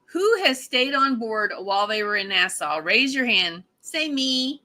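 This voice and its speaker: Bubbly lady hosting a live hangout, kinda high voice, chatty w viewers. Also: very animated, unhurried, sharp tone. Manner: bubbly, chatty, laughs often. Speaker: livestream host. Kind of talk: casual live chat reading viewer comments.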